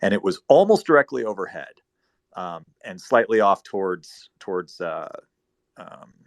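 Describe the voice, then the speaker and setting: A man telling a long, rambling story in casual talk, profane, swinging between loud bursts and quiet asides. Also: deep voice, very animated, moderate pace, no echo.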